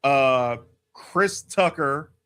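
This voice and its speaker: A man co-hosting a casual movie talk show, joking and laughing loudly. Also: medium pitch, drawn-out words, smooth. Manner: animated, laughs loudly, jokey. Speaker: podcast co-host.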